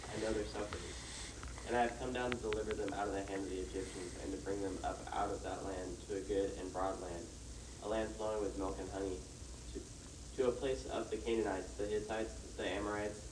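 Male group member reading verses aloud, lowish voice, far from the mic in an echoey, noisy room. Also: fairly quick. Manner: plain steady reading aloud.

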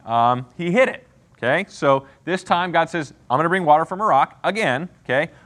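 A man's voice: on the high side, expressive, moderate pace, a bit bright. A man teaching an interactive Bible lesson, asking the class questions and often checking in with "okay?" and "right?".

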